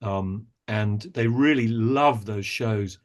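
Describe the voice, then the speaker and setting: A man's voice: fairly low pitch, slow pace. A man, an actor and director, speaking as a podcast guest, talking at length in a thoughtful, storytelling way. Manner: thoughtful storyteller, talks at length with many small restarts. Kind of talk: interview conversation.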